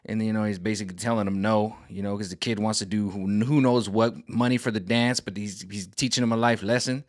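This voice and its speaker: A man ranting casually to camera as a vlogger, animated and exasperated. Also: lowish voice, brisk, dry recording, studio quality. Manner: animated, exasperated, jumps into quoted voices. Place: home room set up for streaming.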